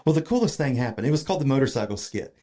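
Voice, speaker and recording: A man's voice: medium pitch, rapid-fire. A man telling a long story in a casual podcast chat, full of fillers and restarts. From Georgia, US. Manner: animated, filler-heavy retelling with many restarts. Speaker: podcast guest.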